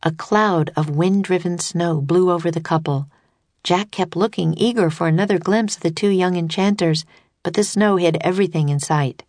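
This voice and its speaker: A woman narrating a children's storybook in a steady, clear reading voice. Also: lowish voice, moderate pace, dry recording.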